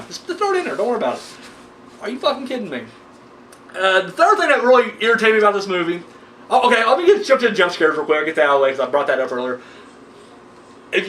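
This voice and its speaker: A man's voice: sits high, far from the mic. A man ranting casually about a horror movie, sarcastic and full of swearing. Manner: animated, sarcastic, swears a lot. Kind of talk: casual profane movie rant. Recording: roomy echo, a little off-mic, faint background hum.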